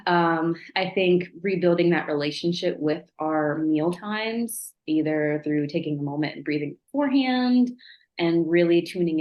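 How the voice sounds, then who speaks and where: A lower-pitched woman talks as a podcast guest, earnest and reflective with frequent laughs. Her voice sits in a noticeably echoey room. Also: muffled recording. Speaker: podcast guest, former client. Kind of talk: casual interview chat. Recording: roomy echo.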